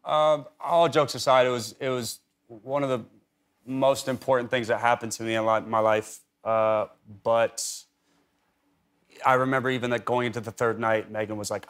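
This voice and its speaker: A man's voice: lowish voice, flat delivery, moderate pace, a bit bright. Talk show guest, man, 30s, rambling anecdotes, casual TV studio chat. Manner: rambling storyteller, heavy on "like" and restarts.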